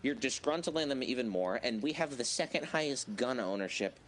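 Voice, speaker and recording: A young man talks through current events in a loose podcast chat. He circles his points, stumbling over restarts and leaning on filler words, his voice sitting at an ordinary middle pitch. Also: expressive, normal speed, slight background noise. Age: young adult. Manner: rambling, hesitant, frequent restarts and fillers. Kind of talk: casual political chat.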